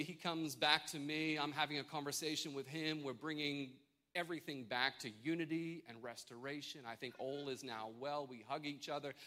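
A man in his thirties, a pastor preaching a sermon, telling a self-mocking family story in an animated way. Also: a little high. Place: church service with congregation.

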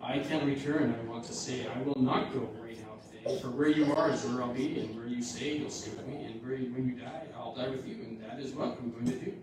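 A man's voice: medium pitch, fairly even intonation, fairly quick, hardly any pauses, crowd noise, close to an everyday voice. A man voicing a devoted young widow in a rhyming storybook, earnest and singsong, heard far off in an echoey hall.

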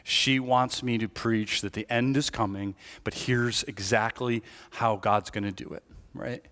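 A middle-aged man preaching in a church sanctuary, his voice trailing off into a long hall reverb. He talks to the congregation like a conversation, checking in with them and acting out the voices of people he describes. His pitch sits in an ordinary male middle range. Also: fairly even intonation, unhurried, fairly bright tone. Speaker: lead pastor. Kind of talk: sermon.

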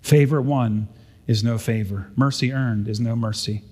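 A man voicing a kind eldest brother sent to carry his sibling home, speaking in calm, pleading reassurance. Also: medium pitch, moderate pace, slightly rough, long reverb tail, pitched below the performer's own voice, natural voice.

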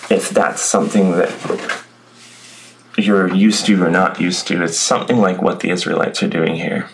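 A man's voice: sits low, steady tone, normal speed, slight background noise, rough recording. A man preaching a sermon, reading scripture aloud and then reflecting on it in a conversational way with asides to the congregation. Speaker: pastor.

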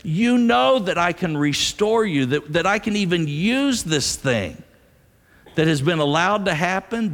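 Jesus, a calm and commanding man, speaks in a slow, hushed, solemn voice with a gravelly edge, as a preacher acts him out from the pulpit. His words ring with a long reverb through a large hall. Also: fairly high pitch, heavily acted.

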